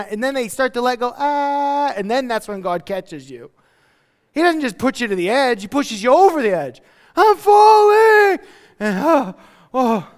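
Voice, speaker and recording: A male pastor preaching a casual, animated sermon, acting out quotes as he goes. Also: high-pitched, clean tone, big-room sound. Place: church hall.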